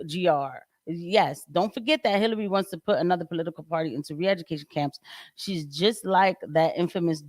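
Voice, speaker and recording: A woman's voice: lowish voice, no room sound, studio quality. A woman hosting political commentary, talking emphatically and firing off rhetorical questions. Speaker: host.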